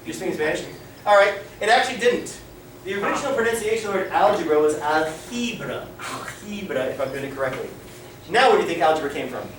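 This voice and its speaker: A male teacher with a high voice runs a lively lesson, throwing questions at the class and slipping in Spanish phrases. He is picked up from across the room, so the sound is distant and echoey, with a faint hiss underneath. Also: fast talker. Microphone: camera across the room.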